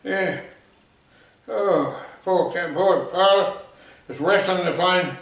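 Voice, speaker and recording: Gravelly man spinning a yarn. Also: high-pitched, slow pace. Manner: rambling, animated yarn-telling. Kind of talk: comic anecdote storytelling. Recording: echoey room, voice far from mic.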